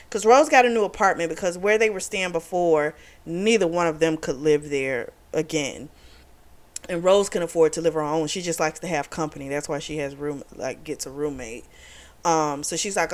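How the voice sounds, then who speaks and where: Speaking at normal speed in a fairly low voice, a book reviewer casually talks through a romance novel's plot. She voices the characters' lines, introducing them with "she's like."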